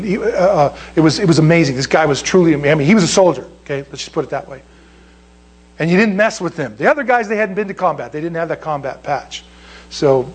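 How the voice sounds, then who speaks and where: Pastor, man in his 60s, high-pitched, animated emphatic sermon storytelling. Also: husky. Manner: animated, emphatic, rises sharply when stressing a point.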